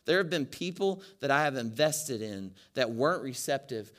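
A middle-aged male pastor preaching a sermon, telling stories earnestly, rising loud at times and then dropping soft and low. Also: lively intonation, moderate pace, hardly any pauses.

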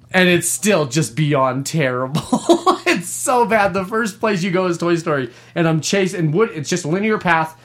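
A man co-hosting a gaming podcast, telling stories in a casual, profane way and laughing often. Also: fairly high pitch. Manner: profane, laughing, animated storytelling. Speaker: podcast co-host.

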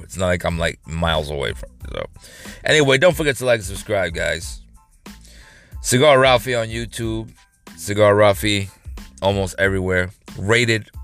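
A man's voice: sits low, a bit bright. A man recording a casual vlog from his parked car, telling a story in a loose, rambling way with frequent swearing and laughter. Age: adult. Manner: rambling, profane, laughing rant. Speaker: vlogger host. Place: parked car in a work parking lot.

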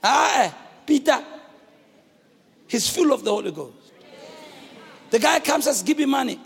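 A middle-aged South African man preaching a lively sermon as a bishop, often shouting and acting out the characters in his stories. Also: very high-pitched, unhurried, vocal fry. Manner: animated, often shouting, acts out voices. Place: large church hall. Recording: live church recording with long reverb.

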